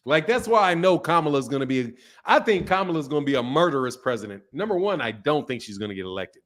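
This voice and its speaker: A man with a slightly high, fairly bright voice hosts a live stream, reading the chat and answering comments as they arrive. He talks loosely and expressively at a quick pace, joking with viewers, laughing often, and keeping things easygoing and casual.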